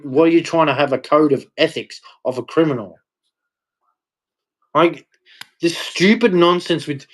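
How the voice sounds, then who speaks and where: A man's voice: fairly high pitch, low-quality recording. A man ranting heatedly in a casual vlog monologue, blunt and repetitive, swearing now and then. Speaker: vlogger.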